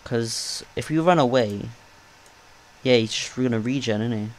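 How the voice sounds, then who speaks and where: A man hosting a gaming channel, giving live, excitable and jokey commentary as he plays. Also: mid-range voice, moderate pace, a little hiss or hum. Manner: excitable, jokey, talks to himself.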